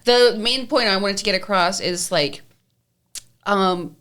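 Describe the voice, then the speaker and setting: A woman's voice: medium pitch, a little slow, a bit bright. A young woman hosts a casual podcast conversation. She talks bluntly and freely, with plenty of swearing. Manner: blunt and profane. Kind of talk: casual chat.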